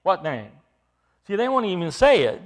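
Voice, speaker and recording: High, animated male preacher. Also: normal speed. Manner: emphatic, explains scripture verse by verse. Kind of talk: expository sermon.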